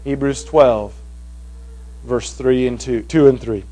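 A man preaching a sermon to a congregation, swinging from hushed passages to loud, emphatic ones. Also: mid-range voice, fairly even intonation, slow pace, poor audio. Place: evening meeting before a congregation.

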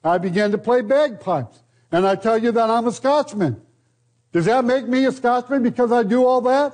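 An older American man preaching a sermon, slow and deliberate, with rhetorical questions and repeated phrases. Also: very high-pitched, a little mellow. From United States.

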